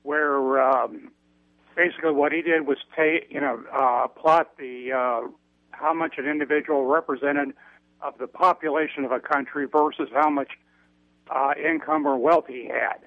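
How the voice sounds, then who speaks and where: A man calling in to a radio show, speaking haltingly with many ums and uhs. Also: a little high, steady tone, no room sound. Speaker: radio caller. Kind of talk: call-in comment. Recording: phone line.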